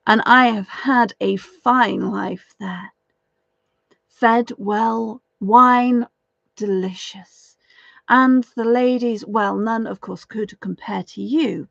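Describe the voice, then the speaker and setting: A woman's voice: a little high, slow pace, vocal fry, no echo, exaggerated voice. A woman storyteller voicing a charming young man captured by the fairies, speaking gallantly. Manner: gallant and flattering. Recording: dull, dry lo-fi recording.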